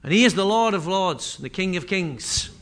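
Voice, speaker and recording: A man's voice: high voice, expressive, moderate pace, fairly bright tone. A man preaching a sermon with impassioned, repetitive delivery that swells and drops in intensity.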